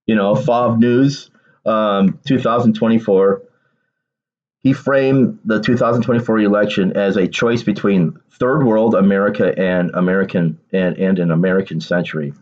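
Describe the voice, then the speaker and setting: A man's voice: on the low side, steady tone, moderate pace, a little mellow, dull audio. A man doing casual political commentary on his vlog, reading aloud and then ranting emphatically with bursts of laughter.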